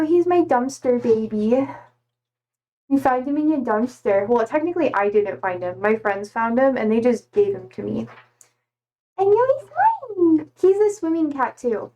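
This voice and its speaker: A woman's voice: a little high, darkish tone, poor audio. A young woman streamer chatting casually and bubbly, gushing over her cats with baby talk. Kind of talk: casual live-stream chat.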